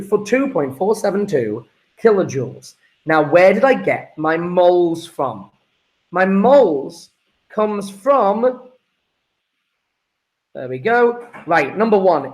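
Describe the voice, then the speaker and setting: A male teacher works through an exam paper step by step, with a voice that sits a little high for a man. He is chatty and informal, calling his students guys and folks as he explains. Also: low-quality recording. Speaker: chemistry teacher.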